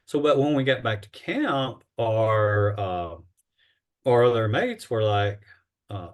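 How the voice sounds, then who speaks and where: Man, lowish voice, halting anecdote-teller in an interview. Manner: rambling, halting with many fillers and restarts. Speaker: interview guest, bigfoot investigator. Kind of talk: casual storytelling in an interview.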